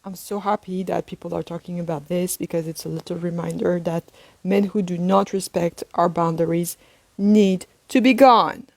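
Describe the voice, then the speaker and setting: Woman, mid-pitched, blunt advice-video delivery, dry close recording. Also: steady tone, normal speed, gravelly, darkish tone, no room sound. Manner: blunt, direct. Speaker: social media commentator.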